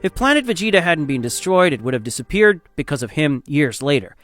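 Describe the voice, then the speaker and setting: A man's voice: a little high, big pitch swings, brisk, a bit bright, soft background music. A man voicing an easygoing warrior hero. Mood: reassuring. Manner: easygoing, reassuring. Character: good-natured adult male warrior hero.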